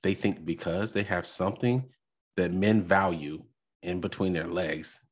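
A man with a very low, husky voice delivers a blunt, rambling podcast rant. He circles back on his own words and keeps pressing his point in an opinionated reaction commentary. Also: steady tone, a little slow. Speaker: podcast host. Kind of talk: reacting to a clip, ranting commentary.

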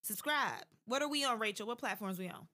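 A woman's voice: on the high side, animated, a little fast, bright, forceful tone. A woman hosting a true-crime podcast in casual chat, playful and giggly, hyping the next episode. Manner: playful, giggly, hypes the outro. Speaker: podcast host.

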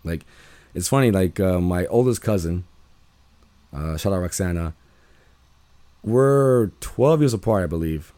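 A man's voice: low voice, warm tone, no echo. A young man talking casually and at length, laid-back and rambling, filling gaps with "you know" and the odd curse. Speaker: speaker sharing views on dating and family. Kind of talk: casual monologue.

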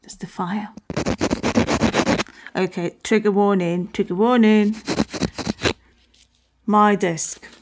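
A woman's voice: medium pitch, steady tone, slow, long pauses, very noisy. A woman hosting a casual solo talk, rambling and often correcting herself.

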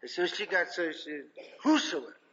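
A man's voice: on the high side, moderate pace, bright, forceful tone, slight background noise. An older man preaching a sermon, telling folksy stories with emphasis. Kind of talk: sermon storytelling. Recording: dull lo-fi recording in a reverberant hall.

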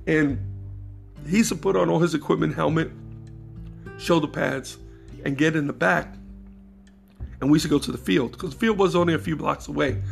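A middle-aged man with an extremely gravelly, fry-laden voice, pitched a bit high for a man. He rambles through family stories, laughing between them and leaning on fillers. Soft guitar music sits faintly behind. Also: normal speed, long pauses. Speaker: podcast host. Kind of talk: casual storytelling monologue.

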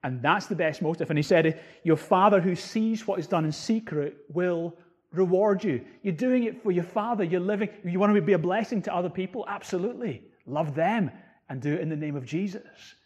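A man's voice: high-pitched, brisk, slightly rough. A man preaching a sermon, reading scripture and explaining it with rising emphasis on key words. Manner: quotes and explains scripture verse by verse. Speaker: pastor.

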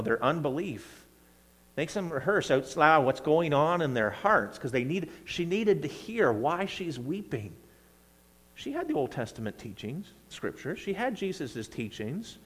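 Animated preacher in a reverberant church. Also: male voice, fairly high pitch, breathy edge. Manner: conversational, animated reading of scripture with bursts of emphasis. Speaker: pastor. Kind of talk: sermon. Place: church sanctuary.

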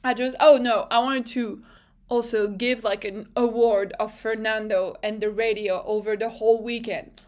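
A young woman hosting a casual podcast recap, chatty and excitable, swearing freely and often restarting her phrases. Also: a little high, normal speed. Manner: self-interrupting, restarts phrases. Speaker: podcast host.

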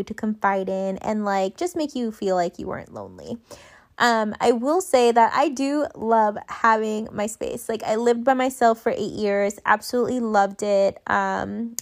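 A woman in her thirties hosting a podcast, telling a story in a chatty, animated way full of fillers. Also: medium pitch. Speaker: podcast host.

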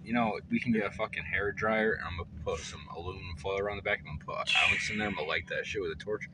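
A man's voice: lowish voice, fairly even intonation, rapid-fire. A young man casually chatting with friends while smoking, telling wild stories with a lot of swearing. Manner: profane, loud storytelling. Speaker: storyteller among friends. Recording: noisy, from a bit off the mic.

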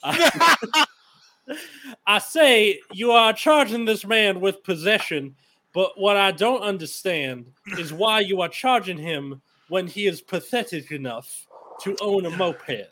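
A man's voice: high voice, expressive, slow, sharp tone, full character voice. A man voicing a pompous Southern defense lawyer addressing a judge in a put-on Southern accent. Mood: grandstanding.

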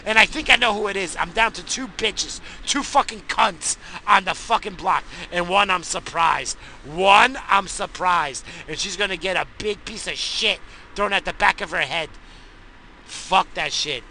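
A man in a profane, angry rant who swears constantly and bursts into shouting. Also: high voice, measured pace, slight background noise, low-quality recording.

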